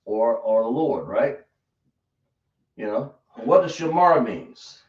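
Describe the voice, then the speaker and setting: Man, teacher, slow delivery, quizzing the class, roomy echo, dull lo-fi sound. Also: mid-range voice, expressive. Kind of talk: classroom lesson.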